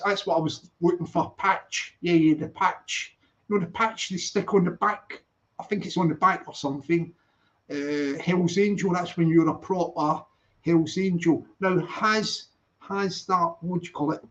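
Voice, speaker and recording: A man's voice: sits high, steady tone, a little slow. A Scottish man hosting a casual live stream, rambling playfully and repeating greetings to his viewers. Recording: dull lo-fi stream audio.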